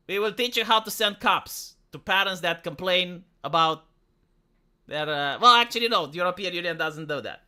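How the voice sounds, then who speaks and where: A man's voice: sits high, pushed and bright, clean tone. A young man from Romania giving profane, opinionated commentary on a live stream, full of rhetorical questions.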